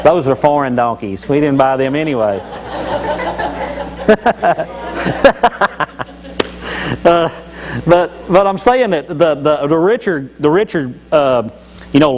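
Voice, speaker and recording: A man's voice: a little high, slight background noise, low-quality recording. A man giving a folksy, joking devotional talk at church, telling Bible stories with many restarts. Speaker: lay church speaker.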